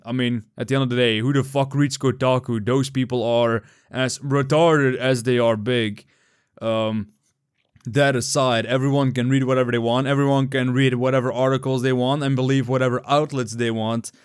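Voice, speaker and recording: A man's voice: mid-range voice, clean tone, no room sound, clean studio sound. A young man giving unscripted, rambling commentary, casual and profane, with many fillers and restarts. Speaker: YouTube commentator.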